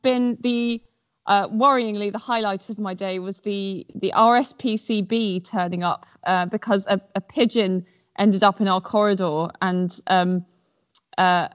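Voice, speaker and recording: A woman's voice: medium pitch, steady tone, a little slow. A woman guest on a podcast, telling stories in a rambling, self-deprecating way with many fillers. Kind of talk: casual chat. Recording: dull lo-fi sound.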